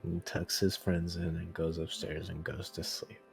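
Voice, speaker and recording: A young man with a low voice runs a tabletop game over voice chat, narrating scenes in a calm, descriptive way. Faint music sits under his words. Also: moderate pace, vocal fry. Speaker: game master.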